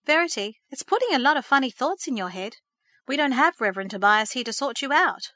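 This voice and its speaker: Weary stern mum, woman puts her on, higher voice, dry sound. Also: lively intonation, fairly quick, sharp tone, dry recording. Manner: tired, scolding, flustered. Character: weary, stern middle-aged mother. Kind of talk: storybook character reading.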